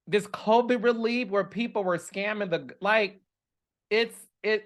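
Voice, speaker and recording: A man hosting a reality TV commentary show, talking in an animated, chatty way with dramatic asides. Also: sits high, measured pace. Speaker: reality TV commentator and podcast host. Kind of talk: casual chat.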